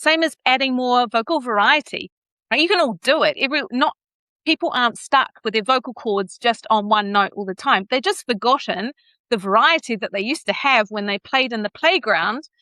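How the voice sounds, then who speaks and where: A middle-aged woman with a New Zealand accent, a communications coach speaking as a podcast guest and playing with her pitch and pace to show what a voice can do. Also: normal speed, dry recording. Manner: animated, plays with pitch and pace to demonstrate. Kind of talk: podcast interview.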